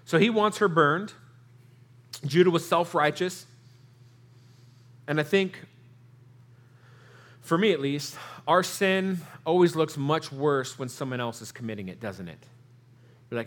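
Guy preaching, slightly high voice, acts out the story people, chats with the crowd. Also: normal speed, pauses often. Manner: animated, acts out quotes in character voices; conversational, asks the audience questions. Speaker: pastor. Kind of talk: sermon.

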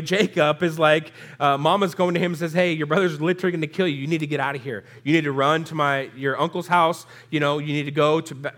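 Man preaching a casual sermon, stuffy nose. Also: on the high side. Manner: casual, conversational Bible teaching with asides to the audience.

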